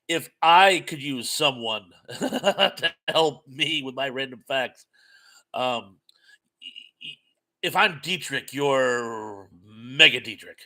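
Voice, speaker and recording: A man's voice: on the high side, normal speed. An older man from New England hosting a live stream, reading the chat and rambling through stories on a headphone mic. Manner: chatty, rambling storyteller with lively swings. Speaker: livestream host reading chat.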